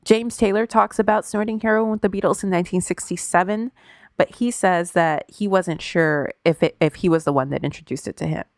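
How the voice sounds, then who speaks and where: A woman's voice: lowish voice, a little fast, no room sound, clean studio sound. A woman co-hosting a podcast, telling a story in casual chat, loose and profane, with plenty of "like" fillers. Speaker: podcast co-host.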